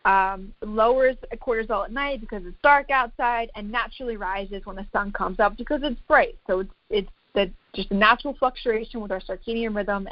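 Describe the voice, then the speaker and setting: A woman's voice: medium pitch, dry recording, dull audio. A woman fitness coach giving a casual, chatty talk to an online group, emphatic and full of filler words.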